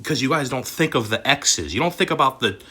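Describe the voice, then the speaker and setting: Furious swearing man with a husky voice. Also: mid-range voice, animated, a little fast. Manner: angry and swearing, swings from shouting to muttering. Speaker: crypto and collectibles YouTuber. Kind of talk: profane ranting vlog.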